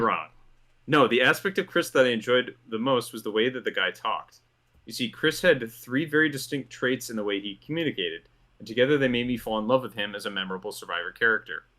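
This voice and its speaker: A man's voice: mid-range voice, a bit bright. A man hosting a commentary show, reading a script in an amused tone and laughing through his lines. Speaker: host.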